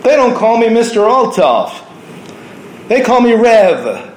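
A man preaching a sermon, telling stories from his week in an earnest way, now softly, now with force. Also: very high-pitched, very animated, takes it slowly, echoey room, rough recording. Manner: earnest storytelling preaching, shifting between soft and raised delivery.

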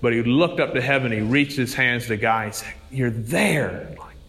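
A man's voice: medium pitch, fairly even intonation, brisk, a bit bright. A man, a priest, preaching a sermon in a conversational storytelling way, with rising emphasis. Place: church. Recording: long hall reverb.

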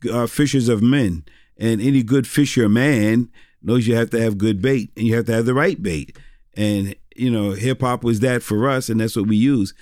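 A man's voice: medium pitch, a little mellow, dry recording, clean studio sound. A middle-aged man, a pastor and former rapper, telling stories in a casual interview, rambling with many restarts and fillers.

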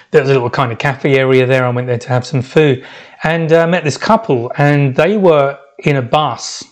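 A middle-aged man recounting a long solo journey on his podcast. His delivery wanders and doubles back, circling his thoughts in an unhurried, reflective way. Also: medium pitch. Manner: rambling, reflective, many restarts. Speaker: podcast host. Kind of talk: reflective travel storytelling podcast.

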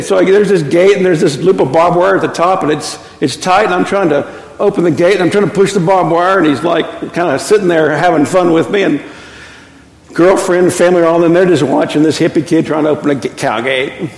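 A man's voice: sits high, fairly quick. A man in his fifties from Texas, preaching a sermon and telling stories with chuckles at his own jokes, in a church. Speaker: pastor. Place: church sanctuary. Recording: echoey hall with long reverb.

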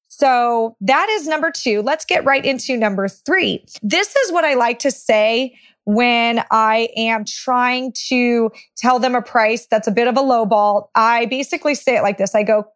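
Woman going over seller scripts, kinda high voice, easygoing and non-confrontational. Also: normal speed, hardly any pauses. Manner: conversational, non-confrontational, acts out sample phrases. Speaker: real estate investor teaching seller scripts. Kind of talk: instructional talk with role-played lines.

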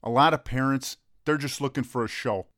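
Brief: brash wisecracking man, mid pitch, dry close mic. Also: a little fast, fairly bright tone, no echo. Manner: blunt, teasing, swears freely, street-tough talk. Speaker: friend of the coach. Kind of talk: comedic sketch dialogue.

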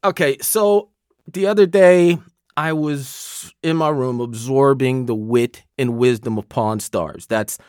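A man in his fifties co-hosting a podcast, telling stories in an animated, jokey way. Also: medium pitch, slow pace, clean tone, no echo, clean studio sound. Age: 50s. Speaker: podcast co-host. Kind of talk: casual chat.

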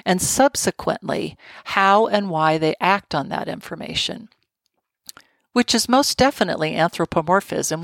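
A woman's voice: lowish voice, no echo. A woman hosting a solo podcast, talking in a wry, digressive way with joking asides. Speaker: podcast host.

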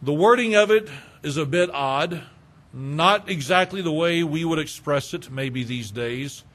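A man's voice: on the high side, measured pace, fairly bright tone. A man preaching a sermon as pastor, building with rhetorical questions.

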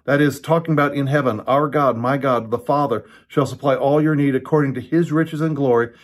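A man's voice: mid-range voice, fairly even intonation. Earnest man teaching scripture from home. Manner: earnest, halting, with restarts and quoted verses. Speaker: pastor. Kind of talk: online Bible teaching. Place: his home. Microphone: computer or phone camera.

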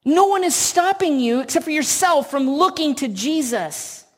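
A woman preaching a sermon, telling a story slowly and earnestly with emphatic repetition. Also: high-pitched, animated.

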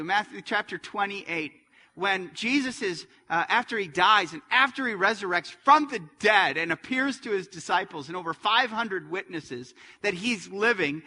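A middle-aged man preaches in a church, his bright, ringing voice sitting slightly high. It swings between loud, forceful passages and hushed, quiet ones. A long reverb trails every phrase. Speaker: pastor. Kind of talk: sermon.

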